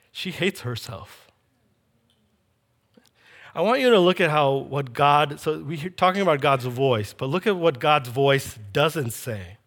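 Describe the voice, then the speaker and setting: A man's voice: a little high, a bit bright. A man preaching a sermon, telling a scripture story with animation and acting out the quoted lines.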